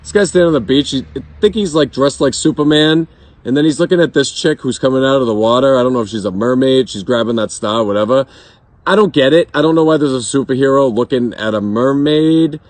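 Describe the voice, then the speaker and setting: Man with a Boston accent, a bit hoarse, brash and joking, swears freely, casual beer review vlog, outdoors in a yard. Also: mid-range voice, fairly quick, darkish tone, dry recording. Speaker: beer vlogger.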